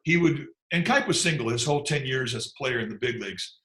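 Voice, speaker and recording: A man with a crisp, bright voice recounts baseball anecdotes in an easy, unhurried storytelling manner. He chuckles and drifts into asides as he goes. The sound carries a noticeable echo of the room around him. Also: mid-range voice, lively intonation. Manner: laid-back, chuckling, trails off into asides. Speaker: former big league pitcher telling stories. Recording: echoey room.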